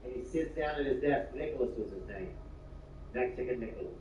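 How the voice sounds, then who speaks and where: A man telling a stand-up story with lots of energy. He swings from hushed asides to loud bursts and uses slang and swearing. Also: mid-range voice, expressive, fairly quick. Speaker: stand-up comedian. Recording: roomy, distant, muffled, with clear background noise.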